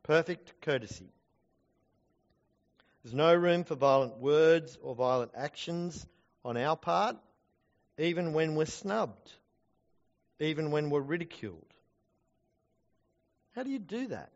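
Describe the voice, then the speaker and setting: A man's voice: fairly high pitch, lively intonation, slow pace, long pauses, lo-fi sound. A man preaching a sermon in an earnest, conversational way with self-deprecating asides, recorded in a church. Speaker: preacher, Bible college teacher.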